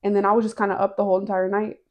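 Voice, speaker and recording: A woman's voice: mid-range voice, level tone, rapid-fire, dull audio. A young woman co-hosting a podcast, telling a story in casual chat with lots of slang and swearing. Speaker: podcast co-host.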